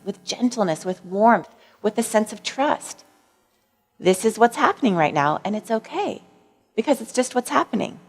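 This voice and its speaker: A woman psychologist giving a public talk, telling personal stories in a gentle, candid way with a little self-mocking laughter. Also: mid-range voice. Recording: long reverb of a lecture hall.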